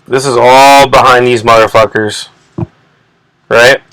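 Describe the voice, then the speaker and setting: A man's voice: mid-range voice, steady tone, unhurried, pushed and bright, smooth, low-quality recording. A man hosting his own channel, ranting in an agitated, indignant way, swearing often and restarting his sentences again and again. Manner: profane, rambling, many restarts and repeated words. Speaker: channel host. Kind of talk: ranting commentary video.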